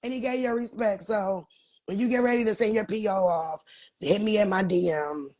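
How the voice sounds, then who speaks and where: A woman with a husky, slightly breathy voice, sitting at a middle pitch for a woman. She hosts a live teaching chat and talks emphatically and profanely, calling her listeners y'all. Her delivery is blunt and streetwise. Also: moderate pace, darkish tone. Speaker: host.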